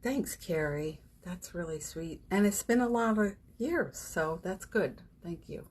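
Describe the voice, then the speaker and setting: A woman's voice: on the low side, animated, measured pace, a little mellow, breathy edge. A woman hosting a live morning session, talking casually and encouragingly about a spiritual practice, with fillers and little laughs. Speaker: host of a daily live session. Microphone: phone or webcam on a live stream.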